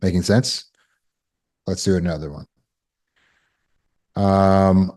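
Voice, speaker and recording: A man with a deep, low voice leads a live online coaching class over a video call. He is encouraging, affirms answers with quick praise and keeps asking "right?". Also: steady tone, dark tone. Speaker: healing coach. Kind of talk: live online teaching session.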